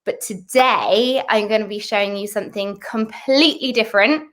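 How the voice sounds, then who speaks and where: A woman's voice: mid-range voice, moderate pace, fairly bright tone. A British woman hairdresser teaching a live online masterclass from her salon over a video call, friendly and bubbly. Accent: British English.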